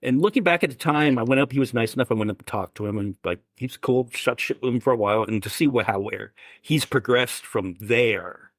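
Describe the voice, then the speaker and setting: A man's voice: mid-range voice, brisk, few pauses, dry recording, studio quality. A man from the Boston area co-hosting a podcast, talking eagerly and rambling. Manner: eager, rambling fan talk. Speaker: podcast co-host. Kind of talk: casual podcast chat.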